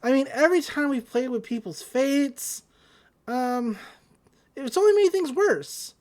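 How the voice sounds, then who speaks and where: A woman's voice: sits high, expressive, unhurried, darkish tone, voice pushed up. A woman voicing a bubbly young cartoon girl who sounds worried and earnest.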